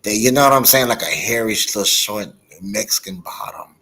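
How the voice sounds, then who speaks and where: A man in a casual chat, telling stories in an animated, profane way. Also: on the low side, brisk. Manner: animated, profane storytelling with frequent laughter.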